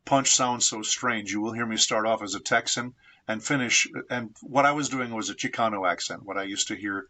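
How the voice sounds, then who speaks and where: A man from San Diego, a voice actor being interviewed, telling anecdotes in a measured, reflective way. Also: fairly low pitch, sharp tone. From San Diego, United States. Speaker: voice actor guest.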